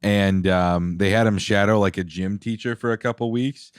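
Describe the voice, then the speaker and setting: A man's voice: on the low side, steady tone, normal speed, smooth, no echo, clean studio sound. A young man co-hosting a podcast, telling loose stories in a casual chat and laughing through his lines. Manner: loose storytelling, laughs through lines, says "dude" a lot. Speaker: podcast co-host.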